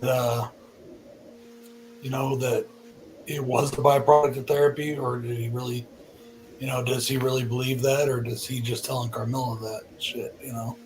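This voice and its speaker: A man's voice: medium pitch, darkish tone, slight background noise, poor audio. A man hosting a casual podcast chat, rambling with lots of fillers. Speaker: podcast host.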